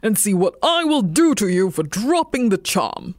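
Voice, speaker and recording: A woman's voice: medium pitch, big pitch swings, slow, a little mellow, dry recording. Woman voicing a loyal storybook dog. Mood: growling. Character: loyal male dog, eager then gruff.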